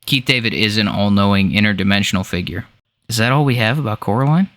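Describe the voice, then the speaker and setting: A man's voice: lowish voice, fast talker, fairly bright tone. A young man co-hosting a podcast, riffing and swearing in casual chat. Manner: joking, profane, riffing. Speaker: podcast co-host.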